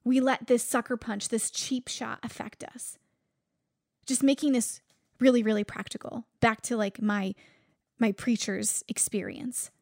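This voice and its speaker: A woman preacher giving an informal, conversational sermon, often pausing to search for words. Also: fairly high pitch, steady tone, gravelly, darkish tone, no room sound, clean studio sound.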